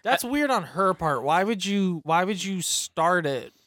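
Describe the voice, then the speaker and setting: A man co-hosting a podcast, talking bluntly and sardonically with plenty of swearing. His voice sits a little high and sounds dry and close. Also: animated, a little slow, a bit bright, dry recording. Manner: blunt, profane, sardonic ranting. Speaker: podcast co-host. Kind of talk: casual chat.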